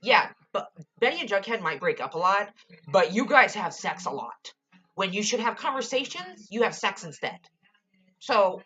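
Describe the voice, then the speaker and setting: A woman's voice: mid-range voice, big pitch swings, moderate pace, bright, forceful tone, slightly rough, lo-fi sound. A young woman casually reviewing a TV episode, gushing and ranting with lots of "like" and swearing.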